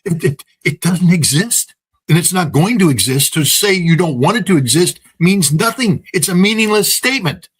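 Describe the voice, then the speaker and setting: A man's voice: high-pitched, lively intonation, normal speed, husky. A man speaking as a guest political commentator. He talks off the cuff in an emphatic, folksy way, repeating phrases for effect and using plenty of filler words. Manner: folksy, uses everyday examples and laughs at his own points.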